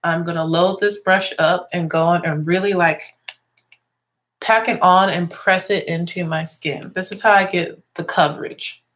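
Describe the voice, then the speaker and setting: A woman's voice: fairly low pitch, fairly even intonation, unhurried, a bit bright. A young woman with a slightly congested voice, chatting casually through a makeup tutorial and explaining each step as she works. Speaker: music teacher and beauty vlogger.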